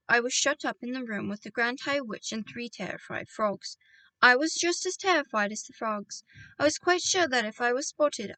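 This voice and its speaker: A woman reads a children's storybook aloud with a lively, animated voice that rises and falls. She sits a little back from the mic in a dry room. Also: a little high, no room sound, far from the mic. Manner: lively, expressive reading. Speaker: audiobook reader. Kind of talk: reading a children's book aloud.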